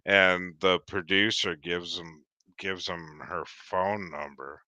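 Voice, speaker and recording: A man's voice: sits low, fairly even intonation, takes it slowly, bright, forceful tone, dry recording. A man telling a long, rambling anecdote in casual chat, swearing freely and restarting his sentences. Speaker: guest.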